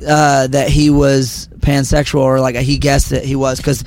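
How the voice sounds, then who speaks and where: Young male musician guest, hushed and a bit raspy after a show, casual and rambling. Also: mid-range voice, completely flat delivery, a little slow. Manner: speaking quietly, filler-heavy. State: slightly raspy from performing. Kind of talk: casual interview chat. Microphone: handheld mic held close.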